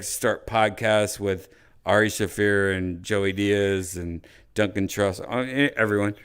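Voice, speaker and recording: A man's voice: on the low side, fairly bright tone, clean tone. A man hosting a podcast, telling rambling, profane stories with acted-out quotes. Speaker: podcast host. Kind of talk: casual podcast chat.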